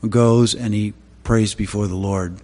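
A man giving a sermon, opening with prayer and then telling Bible stories in a halting way with many fillers. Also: fairly low pitch, fairly even intonation, a little mellow, big-room sound. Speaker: preacher.

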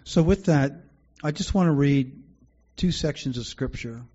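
A man's voice: on the high side, unhurried, dark tone, muffled recording. A man preaching a sermon as pastor, earnest and conversational, often restarting his sentences.

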